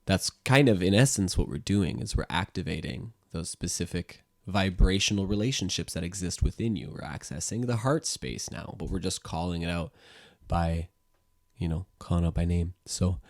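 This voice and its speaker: A man's voice: sits low, moderate pace, darkish tone, dry recording, studio quality. A man working as a music teacher and sound therapist, guiding listeners through voice exercises in an easygoing, rambling way full of fillers.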